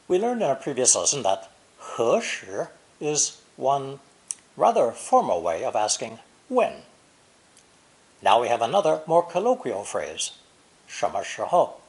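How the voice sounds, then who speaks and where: A man narrating a recorded language lesson, explaining slowly and deliberately, with example sentences read in Chinese. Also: medium pitch, a little mellow. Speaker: language teacher.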